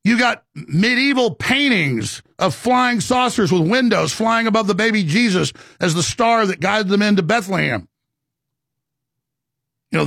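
A man's voice: sits high, vocal fry, a bit bright, no echo, studio quality. A man hosting a talk show, delivering an impassioned, rambling monologue with emphatic stresses and many stammered restarts.

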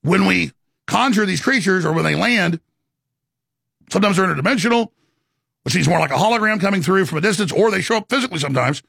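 A man with a high, gravelly voice rants at full tilt, stumbling over repeated words as he pushes on. His husky tone sits close and dry, with no room around it. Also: expressive, a bit bright, no echo. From Texas. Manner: ranting, rapid and repetitive. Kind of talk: impassioned monologue.

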